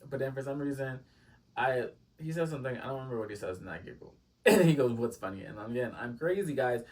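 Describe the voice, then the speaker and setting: A man's voice: medium pitch, expressive, fast talker, darkish tone, recorded from a distance. A man telling a storytime vlog, rambling with lots of fillers and dramatic asides to his viewers. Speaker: storytime vlogger. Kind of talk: casual storytime chat.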